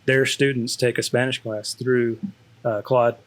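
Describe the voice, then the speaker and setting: A man's voice: medium pitch, little pitch movement, unhurried. Chatty Texan man rambling about networks. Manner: rambling, many restarts and fillers. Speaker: school district network specialist. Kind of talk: casual chat.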